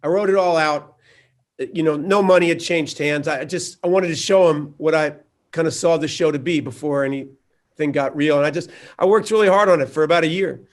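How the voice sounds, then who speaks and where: A man with a voice a little higher than most men speaks as a guest at a showrunner roundtable. He tells his story in a halting but animated way, full of stops and restarts. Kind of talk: roundtable conversation.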